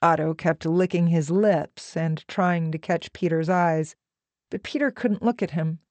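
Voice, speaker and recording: A woman narrating a novel in a slow, measured, even reading voice. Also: fairly low pitch, no echo. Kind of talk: audiobook narration.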